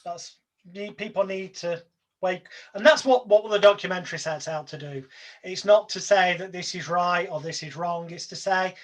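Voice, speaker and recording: Emphatic, high-voiced man. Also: normal speed, a bit bright. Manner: emphatic, persuasive. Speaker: hypnotist guest. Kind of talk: casual interview talk.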